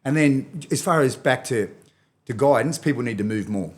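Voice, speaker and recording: An Australian man talking as a podcast guest and movement expert, energetic and animated, coaching the host as he explains. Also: medium pitch, normal speed. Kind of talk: enthusiastic podcast interview talk.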